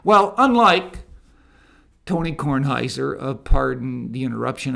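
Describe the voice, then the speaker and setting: A man delivers a ministry monologue at an unhurried pace. His voice has a gravelly, fried edge, and he pushes up into loud, emphatic preaching. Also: medium pitch, lively intonation. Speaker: ministry speaker.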